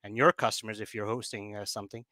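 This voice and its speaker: A man's voice: on the low side, flat delivery, quick pace, bright, forceful tone, no echo. A man on a remote call, explaining things as a business developer in a casual chat, with many fillers and restarts. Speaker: guest, project business developer.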